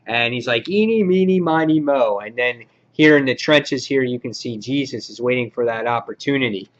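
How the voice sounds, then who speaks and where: A man giving a casual comic book review, rambling with many filler words and getting excited as he goes. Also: mid-range voice, normal speed, lo-fi sound.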